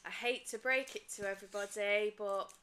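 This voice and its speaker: A woman in her twenties co-hosting a casual podcast, blunt and quick with asides and swearing. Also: medium pitch, steady tone, bright, forceful tone, slight background noise. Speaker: podcast co-host. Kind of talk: casual chat.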